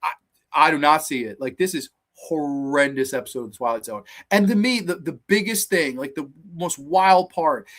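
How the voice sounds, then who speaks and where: A host reviewing episodes in a casual rant, profane and exasperated, swearing often, with pitch jumping when worked up.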